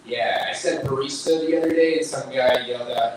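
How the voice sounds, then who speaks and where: A young man doing stand-up in a small bar, rambling loosely, swearing, and restarting his sentences. His voice sits in a middle range and sounds far off in a very echoey room with clear background noise. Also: mid-range voice, fairly quick, few pauses. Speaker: stand-up comedian. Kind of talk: stand-up set at an open mic. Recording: echoey room, distant mic, noisy.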